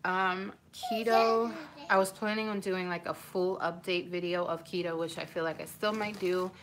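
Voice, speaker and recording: A woman's voice: on the low side, fairly even intonation, moderate pace, slight background noise. A woman in her twenties chatting on a live stream from home into her phone, rambling and emotional, often breaking off mid-thought. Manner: rambling, emotional, self-interrupting. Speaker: vlogger. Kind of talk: casual live-stream chat.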